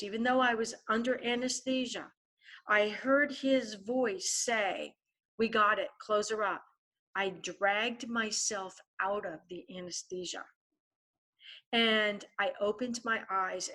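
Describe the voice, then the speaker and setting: A woman's voice: medium pitch, a bit bright. A woman guest author telling a vivid story in a podcast interview, often turning to the host by name.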